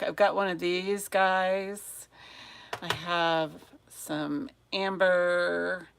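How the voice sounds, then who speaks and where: A woman's voice: lowish voice, fairly even intonation, drawn-out words, vocal fry, a bit bright, slight background noise. A woman hosting a live jewelry sale stream, chatting casually and muttering to herself while fighting her devices, then greeting viewers one by one. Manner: flustered, chatty, muttering to herself over tech trouble.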